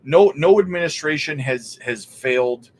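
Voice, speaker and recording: A Canadian man with a voice on the high side speaks at normal speed, with a little hiss or hum audible. On his easygoing crypto livestream he reads out viewer questions and muses aloud as he checks things.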